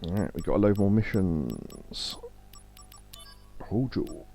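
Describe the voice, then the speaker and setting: Game streamer, guy, lowish mellow voice, reads the menus out loud and rambles, soft game music under him. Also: sing-song, takes it slowly, creaky. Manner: rambling, reads game text aloud, laid back. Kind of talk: casual let's-play commentary. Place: home streaming setup. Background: faint game music.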